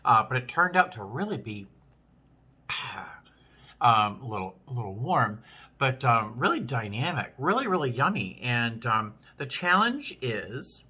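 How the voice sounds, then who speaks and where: Bright-voiced chatty man vlogging. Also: medium pitch, big pitch swings, unhurried, husky. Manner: chatty, chewing between sentences; rambling with many restarts. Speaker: vlogger, flight attendant. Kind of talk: casual vlog while eating.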